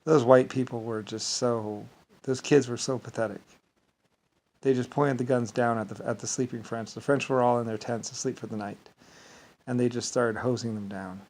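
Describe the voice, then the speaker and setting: Give me a man in a rambling, halting casual monologue, stumbling over his own words. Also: mid-range voice, fairly even intonation, darkish tone, rough recording. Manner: rambling, repeats "basically", halting restarts.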